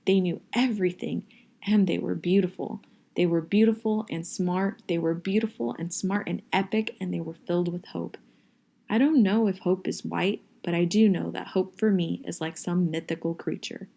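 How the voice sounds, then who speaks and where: A woman reading a novel aloud in a steady, first-person audiobook style. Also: fairly low pitch, moderate pace, gravelly. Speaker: reader.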